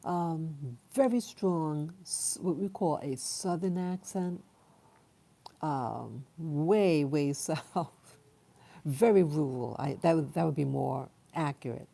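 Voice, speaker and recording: A woman with a low, gravelly voice tells a personal story to the camera. She talks slowly, trailing off and restarting often. Her tone is dark and mellow. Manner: halting, many fillers and restarts. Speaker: vlogger.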